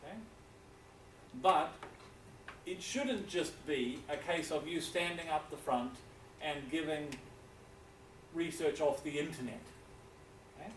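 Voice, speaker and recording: A man from New Zealand with a New Zealand accent, giving a classroom lecture as a teacher and pausing often to check in with his students. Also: a little high. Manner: deliberate, checks in with frequent "okay?". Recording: echoey room, distant mic, faint hiss.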